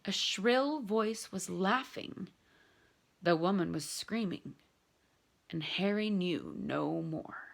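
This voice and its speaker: A woman reading a novel aloud in an expressive, dramatic storytelling manner. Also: on the low side, takes it slowly, creaky. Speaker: reader.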